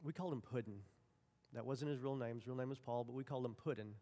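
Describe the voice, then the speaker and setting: Man, pastor, folksy sermon storytelling, mid-pitched voice, long hall reverb. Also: fast, mellow. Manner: folksy storytelling, acts out dialogue. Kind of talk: sermon with personal stories.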